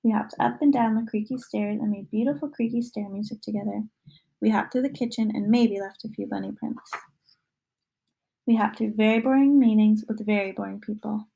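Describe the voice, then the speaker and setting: A woman reads a children's picture book aloud in a gentle, expressive way. Her voice is mellow and somewhat high, with a gravelly, husky texture. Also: poor audio. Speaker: reader.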